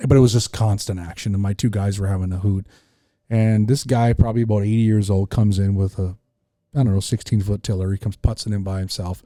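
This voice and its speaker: Dark-voiced man telling a fishing story. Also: lowish voice, no room sound, studio quality. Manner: animated storyteller acting out voices. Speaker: fishing guide. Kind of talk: casual podcast storytelling.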